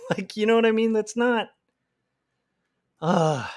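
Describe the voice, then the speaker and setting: A man's voice: high-pitched, slow. Heated rambling man on a livestream. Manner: rambling and heated, lots of "like" fillers. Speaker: comic artist livestreamer. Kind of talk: casual livestream rant.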